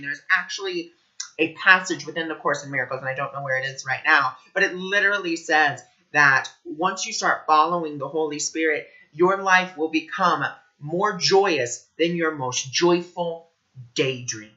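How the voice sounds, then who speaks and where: Man, spiritual teacher type, bright voice, earnest and animated, lo-fi sound. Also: on the high side, moderate pace. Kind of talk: casual spiritual talk to camera.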